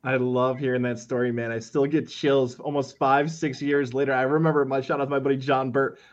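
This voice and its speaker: A man's voice: medium pitch, little pitch movement, fairly quick. A man hosting a casual interview, friendly and asking long follow-up questions. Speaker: podcast host. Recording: slightly dull, lo-fi audio.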